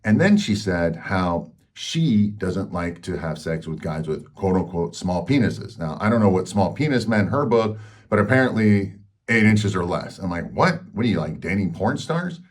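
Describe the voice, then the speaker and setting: Deep-voiced man, frank storytelling. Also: animated, moderate pace. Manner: frank, rambling, full of fillers. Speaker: health channel host. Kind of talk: casual personal storytelling.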